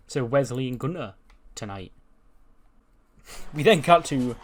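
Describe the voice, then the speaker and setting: A man narrating his game playthrough in a casual, animated way. His voice sits at a middling pitch, and he swears freely as he spins the story. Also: a little fast, faint music behind. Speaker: video game let's play narrator.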